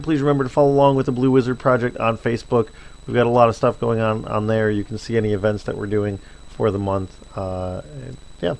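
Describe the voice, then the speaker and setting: A man's voice: medium pitch, gravelly. Rambling male let's play host. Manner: casual, filler-heavy storytelling. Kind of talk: rambling gameplay commentary.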